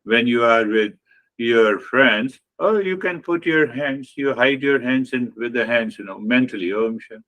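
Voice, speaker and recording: A male spiritual teacher speaks slowly and deliberately at an ordinary pitch. He explains his points patiently and often repeats key phrases for emphasis. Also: a bit bright. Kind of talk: spiritual talk on meditation.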